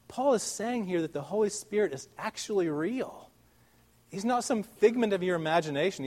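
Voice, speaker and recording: A man preaching a sermon in an earnest, conversational way, stressing key words loudly and drawing others out softly, with rhetorical questions to the listeners. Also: fairly high pitch. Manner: earnest, emphatic, with swings between loud stresses and soft, drawn-out words.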